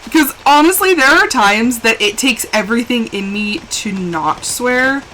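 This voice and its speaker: Young woman, lively game streamer, higher voice, chatty and expressive. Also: measured pace, slight background noise, poor audio. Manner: chatty and animated, with laughs and exclamations. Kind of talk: casual live-stream chat while gaming.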